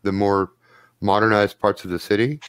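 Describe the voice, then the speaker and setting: A man narrating a tabletop role-playing game as game master, relaxed and rambling with fillers. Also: fairly low pitch, moderate pace, clean tone, no room sound.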